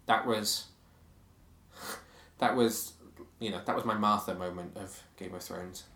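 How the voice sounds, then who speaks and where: A man's voice: fairly low pitch, fairly even intonation, takes it slowly, gravelly, bright, forceful tone. Chatty man in an echoey room. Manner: chatty, opinionated, reads quotes aloud. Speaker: podcast co-host. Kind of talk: casual TV review chat.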